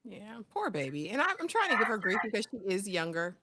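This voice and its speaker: A woman co-hosting a live-stream show, reading super chats and chatting in a relaxed, agreeable way. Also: mid-range voice, brisk, very noisy. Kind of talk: casual live-stream chat.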